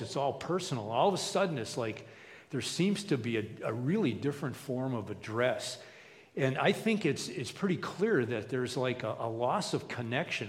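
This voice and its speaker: A man preaching a sermon as a pastor, relaxed and conversational, with plenty of fillers and restarts. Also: medium pitch, long reverb tail. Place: church.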